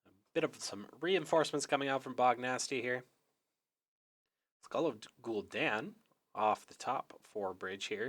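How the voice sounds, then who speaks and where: A hoarse young man calls a card game match on his own, in a slightly low voice. He talks in a loose, chatty way, full of small fillers as he reads the board. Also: a bit bright. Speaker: esports caster. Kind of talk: solo play-by-play commentary.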